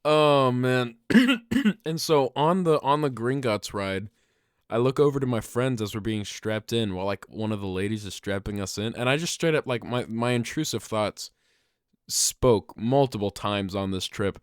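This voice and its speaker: A young man co-hosting a podcast, telling a comedic story in an animated way, laughing often and breaking into loud yelled bits. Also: mid-range voice, normal speed, clean tone, dry recording, studio quality. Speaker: podcast co-host.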